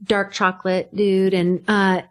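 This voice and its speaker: A woman's voice: mid-range voice, measured pace. Middle-aged woman, casual storytelling chat, laughs a lot, quotes people. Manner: animated, laughing, acts out quotes. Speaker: podcast guest.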